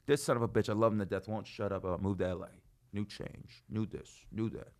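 A man in his thirties, a comedian hosting a podcast, talking in a loose, animated way that swings from loud to soft and swears freely. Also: on the low side, brisk. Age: 30s. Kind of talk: casual chat.

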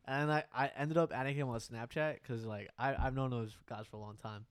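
A young gamer guest talks in halting bursts, restarting and swearing as he goes. His voice sits mid-range and is recorded close and dry. The talk is relaxed podcast chat. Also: mid-range voice, clean tone, dry recording. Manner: halting, profane, restarts often. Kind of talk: casual chat.

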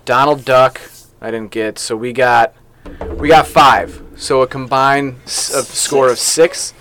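Guy hosting a podcast game night, laughs a lot, talks easy, mid pitch. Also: steady tone, takes it slowly, a bit bright, a little hiss or hum. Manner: laughs often, upbeat and playful. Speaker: podcast host. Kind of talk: casual chat, running a party game. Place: newspaper office studio.

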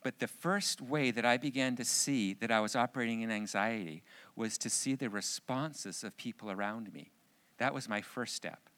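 A man preaching to a men's gathering and closing in prayer, earnest and repeating key phrases for emphasis, growing loud and fervent as he prays. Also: mid-range voice, moderate pace. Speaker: pastor speaking at a men's gathering.

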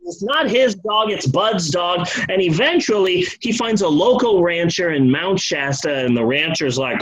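A man's voice: sits high, animated, measured pace, few pauses, fairly bright tone, breathy edge, rough recording. A man casually telling a comic history story, loose and profane, slipping into the voices of the people in it.

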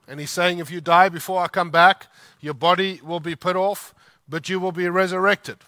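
Bright, high-voiced male preacher. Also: fairly even intonation, no room sound. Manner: emphatic, slows down to stress scripture lines. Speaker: pastor. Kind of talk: sermon.

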